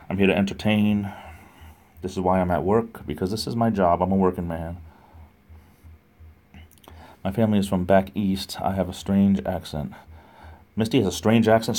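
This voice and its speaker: A man's voice: deep voice, a little mellow. A man hosting a casual livestream, rambling, ranting and reading the chat aloud. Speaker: livestream host. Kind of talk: casual live-stream chat.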